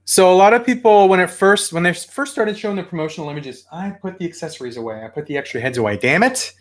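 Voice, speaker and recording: A chatty man talks through a toy haul at home in a casual, excitable way. His voice sits a little high and bounces around a lot. It sounds like an informal home video. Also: fast. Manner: chatty, excitable, yells at his barking dog. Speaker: toy collector vlogger.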